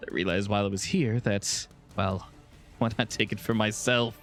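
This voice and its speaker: A man voicing a smug, scheming male villain in a tabletop game, speaking slowly and calmly. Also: on the low side, soft background music, natural voice.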